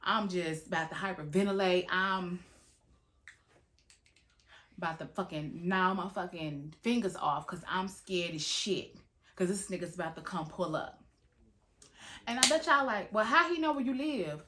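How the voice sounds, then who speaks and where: A woman's voice: lowish voice, measured pace, pauses often. A woman telling a dramatic story from her own past in a casual storytime style, full of swearing and big reactions. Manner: animated, dramatic, heavy swearing. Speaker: storytime vlogger.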